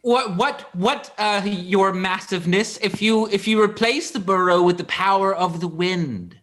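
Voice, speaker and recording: A small, jittery thief stammers out flattery to keep himself alive, played by a man in an improv scene. His voice sits high and eager, and he keeps fawning over whoever he is talking to. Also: measured pace. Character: small nervous male thief, groveling and flattering.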